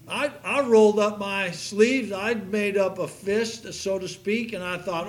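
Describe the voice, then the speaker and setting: A man preaching a sermon to his congregation, telling a story with animated delivery that rises to near-shouts. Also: high-pitched, unhurried, hardly any pauses. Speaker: pastor. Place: church sanctuary.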